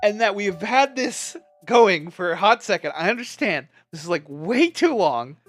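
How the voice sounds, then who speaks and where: A streamer venting to a livestream chat, impassioned and exasperated, trying to stay measured while upset. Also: mid-range voice, very animated, faint music behind.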